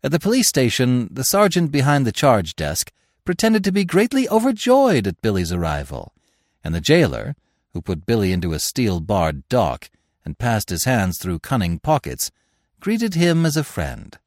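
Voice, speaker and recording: Expressive low-voiced male narrator. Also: moderate pace, no echo, clean studio sound. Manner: expressive, dramatic reading. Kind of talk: audiobook narration.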